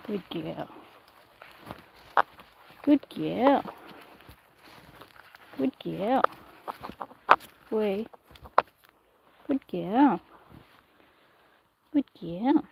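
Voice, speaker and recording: A woman livestreaming casually while she trains her miniature horse outdoors, speaking in a soft, coaxing way to the animal. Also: mid-range voice, expressive, extremely slow, creaky, long pauses, muffled recording. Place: outdoors in a paddock. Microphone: phone camera held in one hand. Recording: noisy outdoor phone recording.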